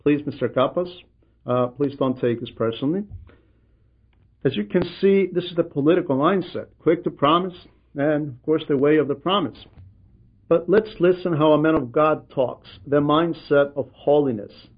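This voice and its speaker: A man's voice: fairly high pitch, normal speed, slightly rough. A man earnestly retelling a monk's story to a gathering and voicing the people in it. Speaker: religious storyteller addressing a gathering. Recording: dull lo-fi recording.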